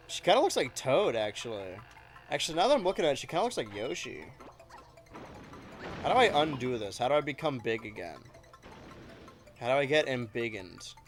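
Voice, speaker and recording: Animated man streaming a game. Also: mid-range voice. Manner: joking, animated, talking to chat while playing. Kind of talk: casual gameplay commentary.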